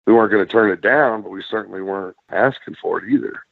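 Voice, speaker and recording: Speaking fast with a lowish voice and some vocal fry, a man who used to wrestle recounts life on the road as a podcast guest. The casual interview is full of profanity and acted-out quotes, and the audio is dry and narrow, like a phone.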